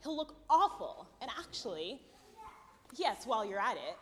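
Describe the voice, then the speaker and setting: A woman voicing a fussy, squeamish grieving sister who complains in a high, sing-song hush. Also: big pitch swings, moderate pace. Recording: distant, long hall reverb.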